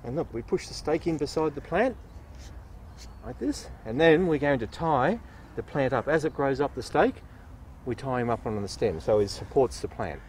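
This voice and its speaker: A man's voice: mid-range voice, animated, moderate pace, darkish tone, a little hiss or hum. A nurseryman patiently explaining tomato growing outdoors at his nursery, playing the straight man. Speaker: nurseryman host. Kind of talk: casual gardening demonstration.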